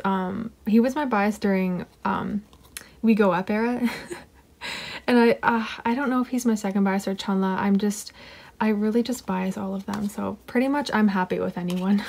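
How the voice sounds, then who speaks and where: Giggly woman gushing over an unboxing. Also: medium pitch. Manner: excitable, giggly, gushing, drops to whispers. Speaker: unboxing vlogger. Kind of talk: casual unboxing chat. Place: home desk.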